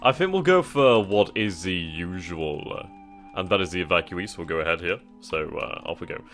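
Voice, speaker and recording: A man with a very low voice talks through a game's setup menus, reading text aloud and thinking as he goes. He hesitates and muses casually as he chooses options. Faint music plays under his voice. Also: animated, normal speed, fairly bright tone. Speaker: gaming channel host. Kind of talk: casual let's-play commentary.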